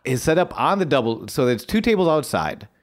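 Lively, animated male podcast co-host. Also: a little high, a little fast. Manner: animated storyteller, swears casually. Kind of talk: casual chat and match recap.

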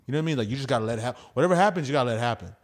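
Young man, comic, casual podcast guest, profane, animated storytelling. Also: medium pitch, very fast. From Houston area. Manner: rambling, profane, animated retelling with laughs.

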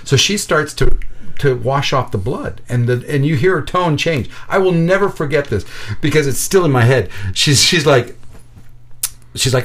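A man telling a personal story in casual conversation, lively and animated, acting out the voices of the people in it, with frequent restarts. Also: fairly high pitch, normal speed.

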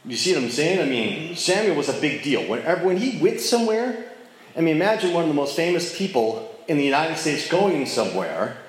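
Guy doing a laid-back bible study, chatty, keeps asking okay? right?, big echoey room. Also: a little high. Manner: conversational, checks in with listeners, acts out quotes. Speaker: Bible teacher. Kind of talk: casual Bible study teaching.

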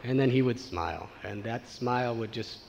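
A man's voice: mid-range voice, normal speed, gravelly, a little hiss or hum, low-quality recording. Man telling a devotional story in a sermon. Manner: animated storytelling, acting out quoted voices. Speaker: spiritual teacher.

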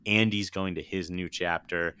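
A young man with a very low but bright, forceful voice talks about films in casual podcast chat. He rambles and gets emotional, swearing as he goes. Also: steady tone, moderate pace, smooth. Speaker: podcast co-host.

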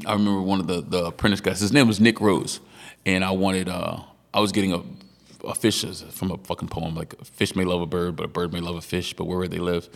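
A man with a low, gravelly voice, chatting casually as a podcast co-host. He tells stories with lots of energy, laughing and swearing freely. His voice carries a long room reverb. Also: fast. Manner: animated storyteller, laughs often, swears freely. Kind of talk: casual chat.

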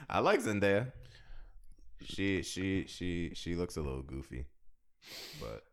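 Young male co-host, very low voice, unhurried delivery, easygoing banter. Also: big pitch swings, gravelly. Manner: laid-back, joking, laughs often. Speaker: podcast co-host. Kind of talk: casual chat.

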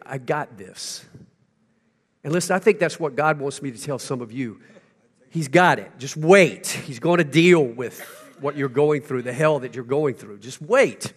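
A man preaching a sermon to his congregation. He tells a story and then swings from hushed, slow passages to loud, emphatic ones. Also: medium pitch, husky. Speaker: pastor.

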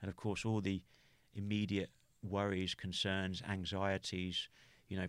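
A man from the United Kingdom talks through a hard memory as a podcast guest. His voice sits low, and the recording is dry and close with no room sound. He stumbles and restarts often, leaning on "you know" as he searches for words. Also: level tone, fairly bright tone, dry recording. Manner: halting, with many restarts and "you know" fillers. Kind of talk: personal storytelling in an interview.

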